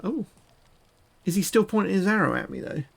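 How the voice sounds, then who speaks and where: A man reads a fantasy gamebook on a live stream and breaks off often for crude, cheeky jokes. His voice is a little high and has a gravelly texture. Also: lively intonation, brisk. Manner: crude, joking asides. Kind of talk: reading a gamebook aloud with banter.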